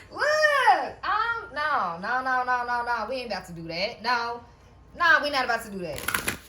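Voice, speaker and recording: A woman gives a loose, chatty tarot reading in a slightly higher voice. She checks in with "okay?" after almost every thought. She laughs often and drops the odd curse word. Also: lively intonation, moderate pace, pushed and bright. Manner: repeats "okay?" often, laughs, swears casually. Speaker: tarot reader. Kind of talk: casual spiritual reading.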